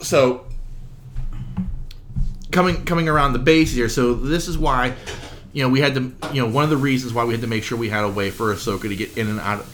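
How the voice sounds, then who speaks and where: A man's voice: mid-range voice, brisk, long pauses, fairly bright tone, slight background noise. A man co-hosting a podcast, telling a rambling household anecdote in casual chat. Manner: rambling anecdotes, acts out others' lines. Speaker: podcast co-host.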